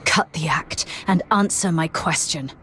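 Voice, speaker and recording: Composed game heroine, low-pitched and direct. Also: female voice, measured pace, a little hiss or hum. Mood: guarded. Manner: calm, guarded, direct. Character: stern young woman military officer. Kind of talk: video game voice acting.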